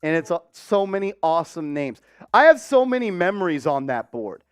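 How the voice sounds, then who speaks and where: A man hosting a casual live-stream sports show, talking warmly and giving viewers shout-outs. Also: a little high, very animated, normal speed, smooth, no echo, clean studio sound.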